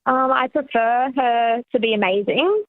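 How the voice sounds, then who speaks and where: A friendly woman calls in to a comedy podcast and chats through her story. Her voice sits a little high. She comes through a tinny phone line with a dry sound. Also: measured pace. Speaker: caller. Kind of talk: phone call to a radio show.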